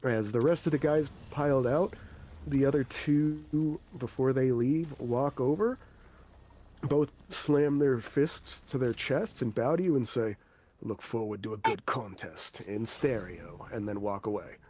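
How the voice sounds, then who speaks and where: A man's voice: medium pitch, measured pace, warm tone. A man narrating a tabletop game as game master, in a loose, casual way with fillers and swearing.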